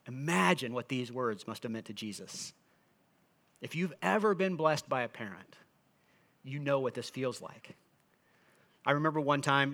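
A man's voice: mid-range voice, bright, forceful tone. A middle-aged man, a pastor, giving an earnest, conversational sermon to a congregation. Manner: earnest, conversational preaching with frequent restarts.

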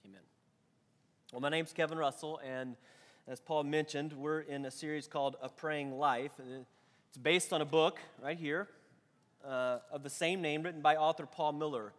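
Male pastor, high voice, lively conversational sermon, long hall reverb. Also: normal speed. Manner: animated storytelling with nervous laughs. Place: church.

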